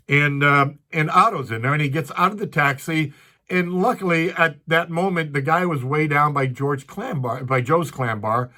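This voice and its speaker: A man's voice: medium pitch, a bit bright. Older man telling comedy stories. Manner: rambling, many restarts and asides. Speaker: stand-up comedian. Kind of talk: storytelling.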